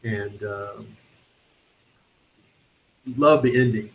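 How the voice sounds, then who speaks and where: Relaxed male film reviewer, faint hiss. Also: fairly low pitch, very slow, gravelly, rough recording. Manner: relaxed, with fillers while searching for words. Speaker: film review show co-host. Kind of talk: casual film review chat. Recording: faint background noise.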